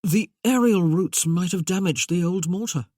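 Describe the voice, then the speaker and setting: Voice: mid-range voice, normal speed, a little mellow, no echo, studio quality, natural voice. An audiobook narrator voicing an intrigued young nobleman, speaking in a matter-of-fact way. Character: curious, charming young nobleman Kenva.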